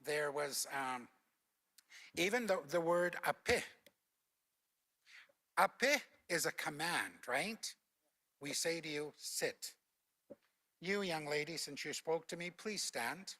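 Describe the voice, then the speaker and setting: An older man from Alberta speaks on a conference panel in a bright, forceful voice that sits a little high for a man. He explains patiently and teaches through storytelling, in the manner of a former language teacher. His delivery is instructive and unhurried. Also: lively intonation. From Alberta, Canada. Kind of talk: explanatory panel talk with anecdotes.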